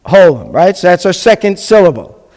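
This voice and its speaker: A man's voice: high-pitched, sing-song, moderate pace, darkish tone, long reverb tail. A man teaching a Hebrew class as a rabbi, patiently spelling things out and checking in often with his students. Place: classroom or hall with a live class.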